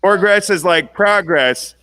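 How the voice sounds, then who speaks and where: A young man works through a stand-up set in a loose, conversational way, often tacking "right?" onto a punchline. His voice is bright and a little raised in pitch, with a lively edge. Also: slow, no room sound. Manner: conversational, self-deprecating punchlines with tag-on "right?". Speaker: stand-up comedian.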